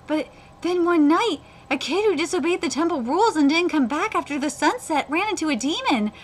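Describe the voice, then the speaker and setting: A woman's voice: extremely high pitch, lively intonation, brisk, pitched above the performer's own voice. A woman reading aloud the lines of a weeping, solemn giant monk swordsman, in her own everyday voice. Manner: reads manga dialogue aloud in her own voice.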